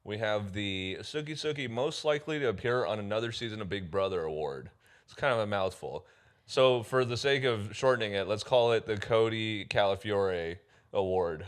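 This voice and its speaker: A man's voice: on the low side, moderate pace. A man co-hosting a podcast in casual chat, playful and prone to joking rants. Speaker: podcast co-host.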